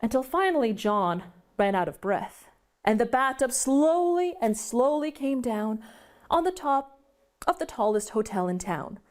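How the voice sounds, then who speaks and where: A woman storyteller performing a tale live for children. Her delivery is animated and dramatic, with a high voice that rises and swoops widely. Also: a little slow.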